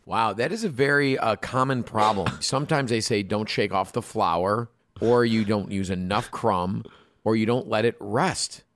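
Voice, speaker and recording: A podcast co-host with a lowish voice reads listener stories aloud at a moderate pace. The casual, comedic chat is lively and playful, sprinkled with joking asides.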